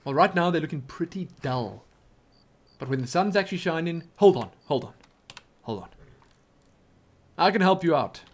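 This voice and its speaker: A man giving excitable, chatty commentary over his game, often exclaiming and joking. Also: fairly high pitch, moderate pace, long pauses. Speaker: let's play gamer. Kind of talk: live gameplay commentary.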